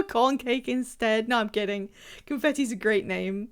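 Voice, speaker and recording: A young woman live-streams a game and chats casually with her viewers. Her voice sits a bit higher than most. She rambles playfully with fillers and laughs often. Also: moderate pace, a little hiss or hum. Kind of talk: casual live-stream chat while gaming.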